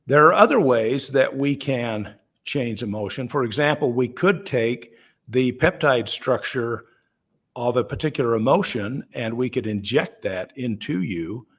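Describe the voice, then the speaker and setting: A man's voice: medium pitch, animated, unhurried, husky. A man founder explaining things in a conversational call, easygoing and chatty, with fillers and restarts. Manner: acts out everyday dialogue in the voices of the people in his examples. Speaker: company founder answering questions.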